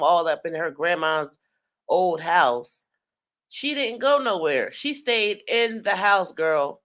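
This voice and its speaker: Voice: mid-range voice, sharp tone. A reaction video host making casual, sassy and teasing comments.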